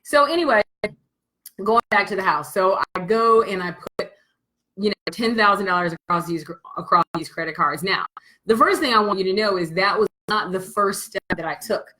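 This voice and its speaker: A woman business coach telling a candid motivational story to her audience, blunt and animated, and swearing freely. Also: medium pitch, normal speed, poor audio.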